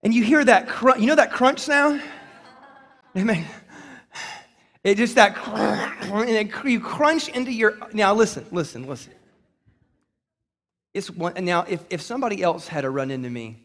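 Pastor, man, high-pitched, animated preacher with call-and-response, reverberant sanctuary. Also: moderate pace, long pauses. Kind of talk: sermon. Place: church sanctuary.

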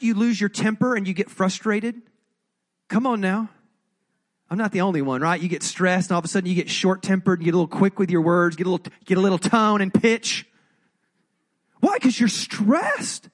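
A man's voice: high voice, brisk. A male pastor giving a sermon in a conversational, jokey way, often asking the audience questions.

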